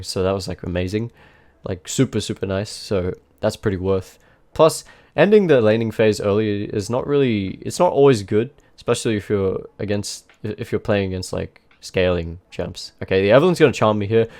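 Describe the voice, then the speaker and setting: A man's voice: fairly low pitch, a little mellow. A young man giving casual, rambling gameplay commentary, swearing often and restarting his sentences. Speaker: gaming video creator. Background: faint background music.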